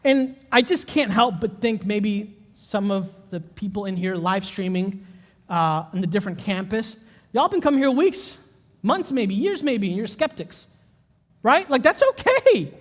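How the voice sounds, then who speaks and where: A man with a notably high voice delivers a live sermon in a church auditorium. He tells stories with animated energy and then drops to quiet, intense urging. A long reverb trails his words through the hall. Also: measured pace. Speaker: pastor.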